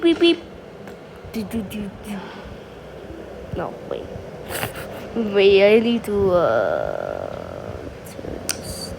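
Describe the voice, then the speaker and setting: Woman, very slow-talking, goofy game storyteller full of silly noises; noisy take. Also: mid-range voice, creaky. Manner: goofy, full of sound effects and exclamations. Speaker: gaming channel creator. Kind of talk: playful sandbox game storytelling.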